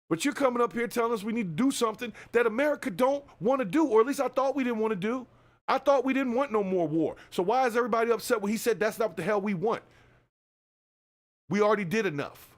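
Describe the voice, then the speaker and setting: Man, podcast host, high voice, profane, animated, casual commentary rant. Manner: profane, animated, talks straight to listeners.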